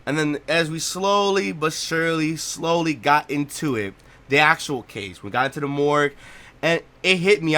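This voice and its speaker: With a fairly high, pushed, bright voice, a young man records a let's play at his home setup and tears into the game. He curses, speaks bluntly, and keeps circling back to the same points.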